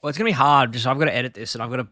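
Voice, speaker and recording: A man's voice: medium pitch, racing, pushed and bright, dry recording. Rambling male podcast host. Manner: rambling, lots of fillers and laughter. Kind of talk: casual chat.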